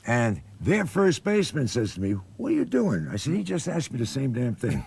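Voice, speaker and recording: A man's voice: medium pitch, brisk, vocal fry, slightly rough. An older man, a former athlete and actor, telling stories in a conversation and acting out the voices of the people in them. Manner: animated, acts out quoted voices. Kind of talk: storytelling anecdotes in conversation.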